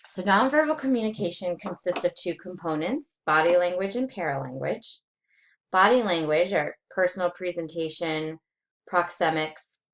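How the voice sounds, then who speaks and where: A woman lecturing nursing students, reading through slide points with frequent fillers and pauses. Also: lowish voice. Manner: reads slide points aloud with many fillers. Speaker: nursing instructor. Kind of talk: recorded lecture.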